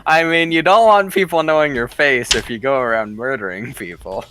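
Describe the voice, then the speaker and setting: A man playing a tabletop game, relaxed and quick to laugh. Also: medium pitch, slight background noise. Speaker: player.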